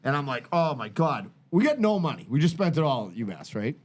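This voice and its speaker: Profane rambling storyteller. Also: male voice, a little high, very animated, fast talker. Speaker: podcast host. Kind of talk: casual storytelling chat.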